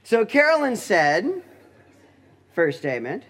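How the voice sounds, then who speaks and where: A man teaching through a Bible passage in a deliberate, explanatory way, with touches of dry humor. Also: high voice, wildly swooping pitch, fairly bright tone.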